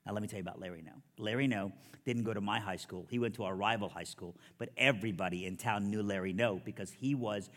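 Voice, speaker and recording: Storytelling preacher in a reverberant hall. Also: male voice, on the low side, fast. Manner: storytelling, animated quoted dialogue. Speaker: preacher giving his testimony. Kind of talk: sermon testimony.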